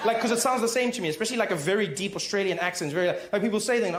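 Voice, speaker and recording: A man doing a stand-up comedy set, teasing his listeners with quick asides. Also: high voice. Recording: echoey room, noise.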